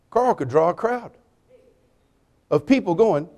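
A man preaching a sermon, telling jokey stories with lively swings between loud punchlines and quiet, earnest appeals. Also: high voice, measured pace, long pauses. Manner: animated, joking storytelling with sudden drops to quiet appeals.

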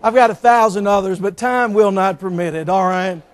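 A middle-aged pastor with a high voice preaches a sermon at a moderate pace, full of folksy jokes and stories.

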